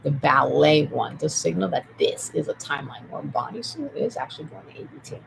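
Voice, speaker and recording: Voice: medium pitch, very animated, fairly quick, vocal fry. Rambling monologue while typing, whispers and outbursts, emphatic repeats, noisy recording. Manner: swings between whispering and loud outbursts; repetitive, emphatic.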